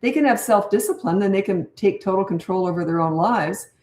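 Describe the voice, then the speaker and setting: Older female coach, firm no-nonsense delivery, mid-pitched voice in a roomy, echoing space. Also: a little fast. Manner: blunt, firm, demonstrates calm tone. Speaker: parenting coach. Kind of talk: live Q&A, answering viewer questions.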